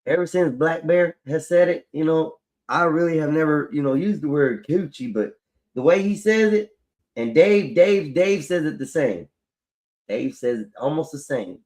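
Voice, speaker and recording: A man's voice: on the high side, animated, moderate pace, a little mellow. A man chatting casually to viewers on a live stream, loose and profane, rambling and talking to his audience as y'all. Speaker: livestreamer. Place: at home, fixing his hair on camera.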